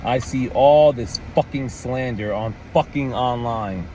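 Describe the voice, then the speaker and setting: A man's voice: mid-range voice, a little slow, a little hiss or hum. A man ranting about wrestling in casual, profane commentary, full of "man" and "like" and mocking voices. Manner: animated, profane, repeats "man" and "like".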